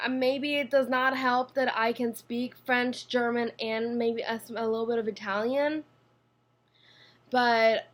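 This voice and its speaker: Young Swiss woman, Swiss accent, fairly high voice, chatty rambling vlog, computer mic. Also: fairly bright tone. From Switzerland. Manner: chatty, rambling with fillers and restarts. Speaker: vlogger. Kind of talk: casual vlog talking to camera. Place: her apartment, indoors. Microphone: built-in computer mic.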